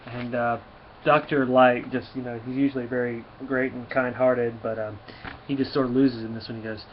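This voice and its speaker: A man's voice: medium pitch, flat delivery, moderate pace. Rambling man reviewing comics. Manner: rambling, many fillers and restarts. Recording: dull lo-fi recording, faint hiss.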